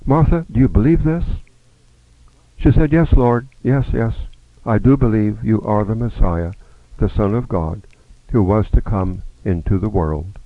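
A man with a fairly low voice leads a Bible study lesson. He reads scripture aloud and gives each speaker's words their own delivery. The sound is dry and narrow, like a phone line. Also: no room sound.

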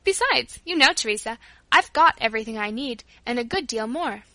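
Woman doing a little girl voice, super eager, bright and high. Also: a little fast, no echo. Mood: excited. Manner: high, excited exclamations. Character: eager, generous little girl, excited and breathless.

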